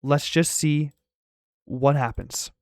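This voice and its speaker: A man's voice: fairly high pitch, steady tone, slow, no room sound, clean studio sound. A man giving let's-play commentary on a puzzle game, talking to the game and repeating short phrases. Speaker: gaming YouTuber.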